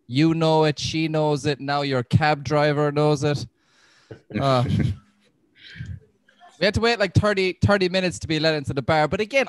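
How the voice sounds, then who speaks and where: An Irish man works through a stand-up set, mocking himself and restarting lines as he goes. His voice sits fairly high. The sound is dry and close. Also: no echo. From Ireland. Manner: self-deprecating, with loose restarts. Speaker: stand-up comedian.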